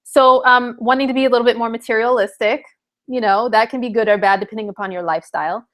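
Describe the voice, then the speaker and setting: A woman's voice: on the high side, fairly even intonation, quick pace, fairly bright tone. Woman, astrologer, casual livestream chat, candid, filler-heavy. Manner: chatty, candid, many fillers. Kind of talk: live-streamed astrology forecast.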